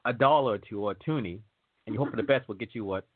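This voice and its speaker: Racing along in a lowish voice, a waiver consultant hosts an informal talk show on entry waivers. He's conversational and tends to digress, dramatizing quoted exchanges as he explains things, all through tinny, phone-like sound.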